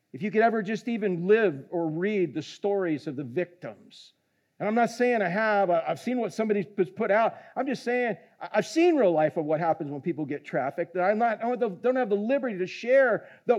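A man preaching a sermon, animated, swinging from hushed lines to shouting and joking with the congregation. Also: high voice, lo-fi sound. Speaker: pastor.

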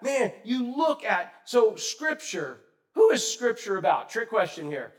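Guy preaching, kinda high voice, talks to the crowd, asks em stuff, gets loud then quiet. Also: unhurried. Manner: animated, conversational, swings loud and soft; asks the congregation questions. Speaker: pastor. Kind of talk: sermon.

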